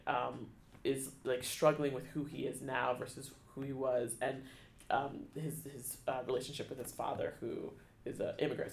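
A man telling a personal story in an interview, halting, with many restarts and fillers, becoming emotional. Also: mid-range voice, gravelly, roomy sound, slight background noise. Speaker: guest, theater education staff. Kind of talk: conversational storytelling.

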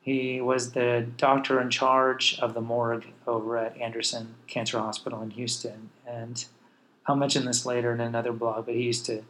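A man from Texas telling his own life story as a vlogger, reflective and unhurried, pausing and restarting as he goes. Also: medium pitch, flat delivery, a bit bright, rough recording. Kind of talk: personal storytelling.

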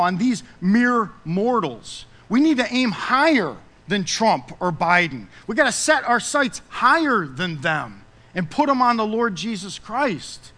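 A man preaching a sermon as pastor, emphatic, rising loud and dropping soft. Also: sits high, very animated, measured pace, in a large hall.

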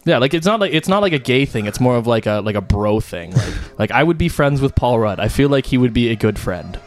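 A young man hosts a relaxed podcast chat with friends. He rambles and circles back, packing his sentences with fillers. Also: mid-range voice, a little fast. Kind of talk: casual chat.

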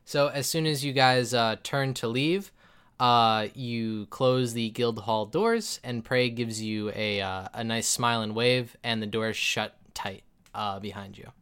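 Bright-voiced laid-back game master man. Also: medium pitch, measured pace, clean tone. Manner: loose, rambling, laughs easily. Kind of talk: narrating a tabletop game.

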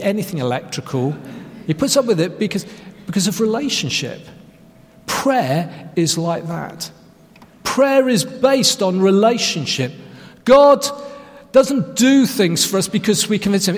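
A man's voice: sits high, in a large hall. A man preaching a sermon, telling a self-mocking story and stressing key phrases. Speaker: pastor.

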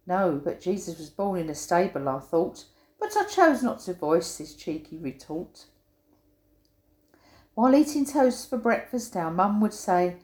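A woman's voice: fairly low pitch, very animated, measured pace, a little mellow. An older woman reading her own humorous rhyming poem aloud, giving quoted sayings a playful, punchy emphasis. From England. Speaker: poet. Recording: roomy echo.

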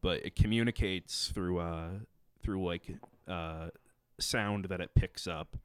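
A young man chatting as a podcast guest, halting with lots of fillers and restarts. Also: sits low, smooth. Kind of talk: casual chat.

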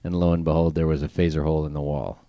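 A man's voice: a bass voice, level tone, fast talker, highs cut off, very noisy. A man in casual conversation, telling a long rambling story in stop-start bits. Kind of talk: casual chat.

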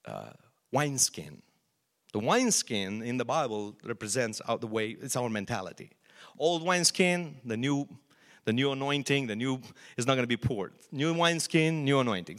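A middle-aged man, a pastor, preaching a sermon with lively storytelling and acted-out quotes. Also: on the high side.

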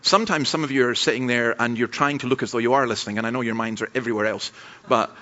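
A man's voice: mid-range voice, fast, sharp tone. Man preaching in a lo-fi recording. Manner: conversational storytelling with asides. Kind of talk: sermon. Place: church camp gathering. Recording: dull lo-fi sermon recording.

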